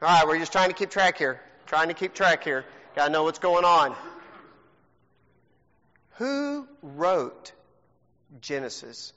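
Male pastor, high and bright, joking game host; long church reverb, muffled audio. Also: slow pace, long pauses. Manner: teasing, joking, animated. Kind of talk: playful game hosting to a congregation. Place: church sanctuary. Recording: long hall reverb, dull lo-fi sound.

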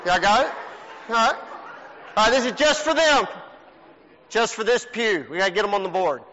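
A man with a high voice speaks at normal speed while hosting a church game, animated, joking and teasing his congregation playfully. It was recorded in the sanctuary with long hall reverb and a dull lo-fi sound.

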